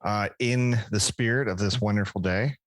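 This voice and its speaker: Deep voiced guy co-hosting a podcast, laid back and dry, no room echo. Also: normal speed. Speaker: podcast co-host. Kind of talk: casual chat.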